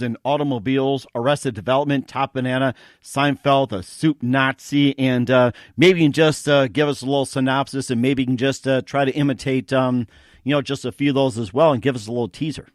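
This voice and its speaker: A man's voice: mid-range voice, no echo, clean studio sound. A man hosting a podcast interview, wordy and repeating "as well, too" as he asks questions. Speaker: podcast host. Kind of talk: casual interview chat.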